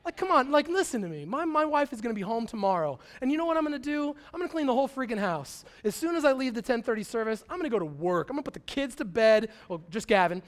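A man, preaching a conversational sermon as pastor, swinging from quiet asides to excited bursts. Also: very high-pitched, fast talker, hardly any pauses.

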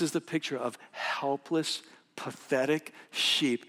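Animated high-voiced male preacher in a hall. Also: moderate pace. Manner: animated, rambling with many restarts, acts out sheep and God in little voices. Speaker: pastor. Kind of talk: sermon.

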